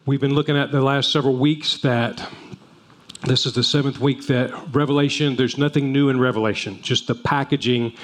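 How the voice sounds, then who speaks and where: A man's voice: mid-range voice, fairly even intonation, brisk. A man preaching a sermon as pastor, telling folksy stories with frequent restarts. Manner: folksy storytelling with repeated restarts.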